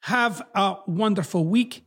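Male podcast host, Scottish accent with a Southern American twist, blunt and profane, high gravelly voice. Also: measured pace. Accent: Scottish mixed with American Southern. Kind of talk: advice podcast monologue.

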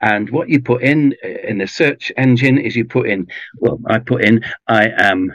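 A man with an English accent, chatting in an interview in a relaxed, rambling way with many ums and restarts. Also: medium pitch, measured pace, dry recording, highs cut off. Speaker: audiobook narrator guest. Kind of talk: casual interview chat. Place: home garage booth with foam pads.

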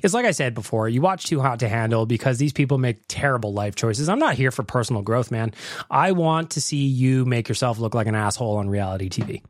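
Male podcast host, mid voice, dry close mic, animated and jokey. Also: mid-range voice, brisk, no echo. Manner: animated, swearing, mock outrage. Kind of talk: casual podcast chat.

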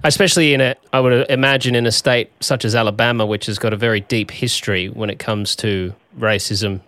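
A man's voice: medium pitch, fairly even intonation, brisk, fairly bright tone, no room sound. A man hosting a podcast, interviewing guests and narrating in a conversational, hedging way. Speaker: podcast host.

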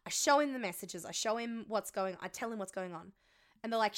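A woman's voice: medium pitch, a little fast, sharp tone. A woman co-hosting a podcast, telling a story in casual chat, rambling with ums and swearing. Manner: rambling, frequent ums, swearing, self-mocking. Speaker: podcast co-host.

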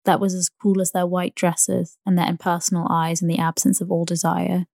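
A woman narrating a bedtime sleep story in a soft, even, unhurried reading. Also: fairly low pitch, gravelly, no room sound, studio quality.

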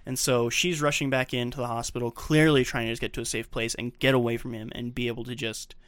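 A man in casual podcast chat, rattling through a film recap at a brisk clip. He retells it with animation, slipping into the characters' lines, and the sound is dry and close with no room in it. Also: mid-range voice, level tone, a bit bright, dry recording. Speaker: podcast co-host.

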